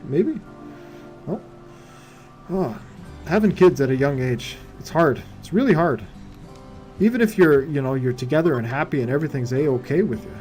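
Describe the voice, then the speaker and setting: A man's voice: on the high side, a little mellow. A man streaming a game live, muttering to himself in casual commentary full of wry asides and rhetorical questions.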